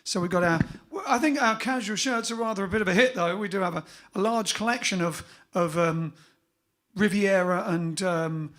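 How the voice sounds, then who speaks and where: A man's voice: high-pitched, normal speed, fairly bright tone. A man hosting a band livestream, chatting casually and jokily from a small indoor room. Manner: chatty, jokey, rambling with fillers. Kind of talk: casual chat.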